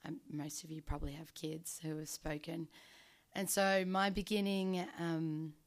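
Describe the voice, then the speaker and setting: A woman tells a personal story off the cuff. Her voice sits a little low for a woman, and she wanders through her thoughts with plenty of ums, likes and restarts. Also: flat delivery, a little slow. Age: 20s. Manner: rambling, casual, lots of ums and likes.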